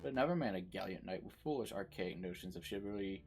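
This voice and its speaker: A man's voice: deep voice, animated, fast talker, darkish tone, soft background music. A man voicing a theatrical male bird prisoner who talks in a flowery, storytelling way. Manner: flowery, storytelling, French-flavoured address.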